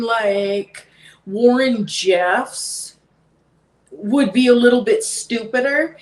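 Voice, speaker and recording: A woman hosting a podcast, talking casually in an exasperated way, laughing and repeating herself. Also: on the high side. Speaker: podcast host. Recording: echoey room.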